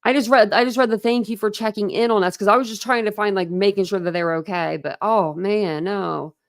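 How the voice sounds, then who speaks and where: A woman from Ohio, USA, hosts a casual livestream chat, rambling along with plenty of fillers. Her voice is medium in pitch and steady in tone, and she talks a little fast.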